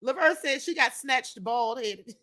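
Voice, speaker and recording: With a high-sitting, sharp-toned voice, she speaks at a measured pace as she hosts a live stream. Reading viewers' comments from the chat, she keeps things casual and sassy, often calling people "honey" and "child."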